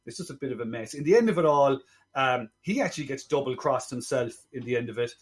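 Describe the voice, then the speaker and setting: A man co-hosting a podcast, chatting casually about a film in a rambling way with quick asides. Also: mid-range voice, animated. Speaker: podcast co-host. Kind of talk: casual film review chat.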